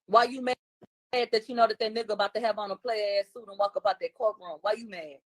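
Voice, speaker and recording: A woman's voice: medium pitch, steady tone, quick pace, no echo. Blunt, profane woman streamer. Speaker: livestream guest and commentator. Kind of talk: casual livestream chat.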